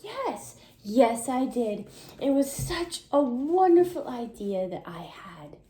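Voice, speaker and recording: A woman voicing a soft-hearted king in a children's Bible story, earnest and dramatic. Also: high-pitched, very animated, takes it slowly, heavily acted. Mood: proud. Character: soft-hearted proud adult male king.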